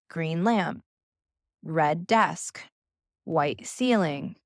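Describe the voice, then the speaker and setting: Woman, young adult, gentle wellness coach, unhurried and soothing. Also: fairly low pitch, no room sound, clean studio sound. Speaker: nervous system coach. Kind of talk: calm instructional talk.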